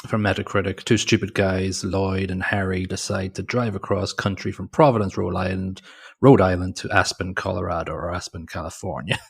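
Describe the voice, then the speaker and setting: A man's voice: low voice, fairly even intonation, normal speed, vocal fry, breathy edge. A man co-hosting a casual movie podcast, rambling and hesitant, with many restarts. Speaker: podcast co-host.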